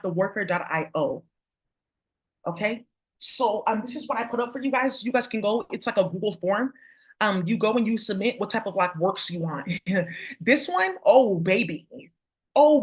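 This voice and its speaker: A woman's voice: mid-range voice, animated, normal speed. A woman vlogger talking casually to her viewers, rambling, swearing and turning confrontational. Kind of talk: casual spiritual rant to viewers.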